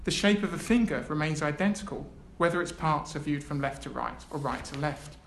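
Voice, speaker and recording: A man's voice: a little high, animated, brisk, a bit bright. Man giving a lecture. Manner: reads a prepared text, with hesitant asides. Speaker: academic speaker. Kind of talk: academic lecture. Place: lecture room. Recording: echoey room, faint background noise.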